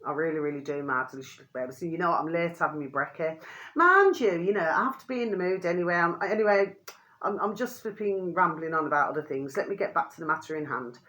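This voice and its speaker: Older woman talking to camera, casual and rambling, repeats herself, lower voice. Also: lively intonation, fast talker, fairly bright tone. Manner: chatty, repeats pet phrase constantly, strays off topic. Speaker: vlogger.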